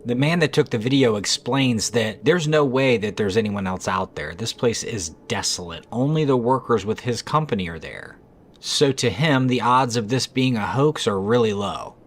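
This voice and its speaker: A man's voice: medium pitch, expressive, normal speed. A man narrating trail cam clips in a scripted, conversational way with skeptical asides.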